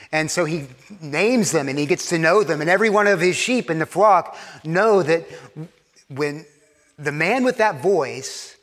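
High, bright-voiced man preaching in a hall. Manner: earnest preaching, rising emphatic then dropping to hushed soft tones. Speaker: pastor. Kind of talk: sermon.

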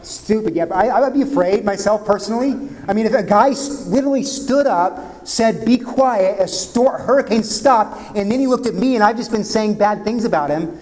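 Man preaching, higher-pitched voice, conversational and vivid, sudden soft drops, long hall reverb. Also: normal speed, hardly any pauses. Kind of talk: sermon.

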